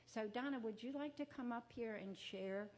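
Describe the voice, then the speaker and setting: A woman hosting a memorial ceremony in a museum, speaking warmly and haltingly with fillers and self-corrections. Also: a little high. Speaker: exhibition organizer and ceremony host. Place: museum event room.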